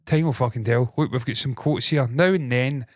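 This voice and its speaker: A British man hosts a casual entertainment news show in a put-on, mock Scottish accent, swearing freely and rambling with a chesty cough. His voice is medium-pitched and moves at a normal speed, and the recording is dry.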